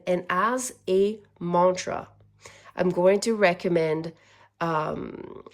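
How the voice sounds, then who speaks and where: A woman giving a casual spiritual tarot reading, earnest and easily moved, laughing at times. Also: on the low side. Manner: earnest, gets emotional, laughs. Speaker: tarot reader.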